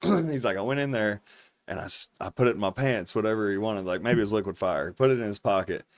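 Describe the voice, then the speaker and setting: A man's voice: lowish voice, fast talker. A man of about forty hosts a podcast and spins a rambling, casual story. His speech is loose and profane, and laughter breaks through as he tells it. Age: 40s. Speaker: podcast host.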